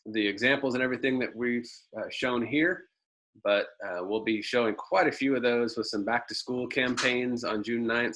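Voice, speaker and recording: A man's voice: lowish voice, a bit bright, low-quality recording. A man presenting a marketing webinar over a video call, telling a folksy story with lots of ums and uhs.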